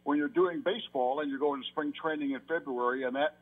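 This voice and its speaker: A man's voice: a little high, quick pace. An older man from New York, a sportscaster guest, giving long run-on answers full of restarts in a casual radio interview. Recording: tinny phone line.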